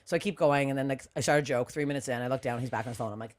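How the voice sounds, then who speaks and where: Woman, comedian, rapid-fire, animated storyteller, swears a lot, podcast studio. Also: extremely low pitch. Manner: animated storytelling, swears freely, quick laughs. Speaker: comedian guest. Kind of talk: casual podcast chat.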